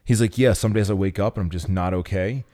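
A man's voice: fairly low pitch, fast talker. Profane, rambling male podcast host. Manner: profane, rambling, animated storytelling. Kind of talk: casual podcast chat.

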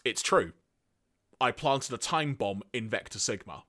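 This is a shadowy male robot henchman from a cartoon, read by a man retelling the story. He speaks in a deadpan, matter-of-fact way, and his voice has a bright edge. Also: mid-range voice, normal speed. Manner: deadpan, flat.

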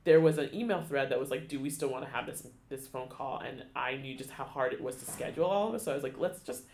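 A man telling a personal story in an interview, halting, with many restarts and fillers, becoming emotional. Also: medium pitch, gravelly, darkish tone, reverberant, a little hiss or hum. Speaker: guest, theater education staff. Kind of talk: conversational storytelling.

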